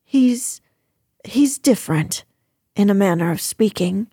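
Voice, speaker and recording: A woman's voice: medium pitch, animated, slow, mellow, slightly rough, dry recording, clean studio sound, exaggerated voice. A woman reading the lines of a flustered, deferential middle-aged housekeeper who speaks in a fussy, hesitant way.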